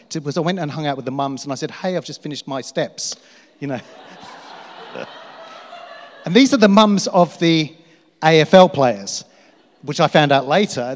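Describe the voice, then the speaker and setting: A man's voice: a little high, lively intonation, brisk. Man preaching in a reverberant hall. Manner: storytelling, self-mocking and laughing. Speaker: pastor. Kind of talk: sermon.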